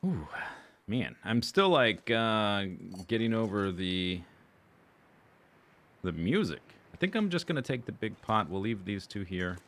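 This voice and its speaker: A man's fairly low, a-bit-bright voice swings widely in pitch as he speaks a little slowly. He's streaming a survival game, casually rambling through his gear and plans and correcting himself often.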